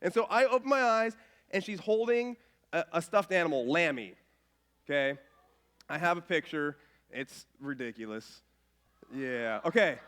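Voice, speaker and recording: A man in his thirties preaching a casual, self-mocking sermon with stories, dropping to a soft voice when quoting others. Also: fairly high pitch, normal speed, long pauses. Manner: animated, self-mocking, drops to soft voice for quotes. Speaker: pastor. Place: church stage.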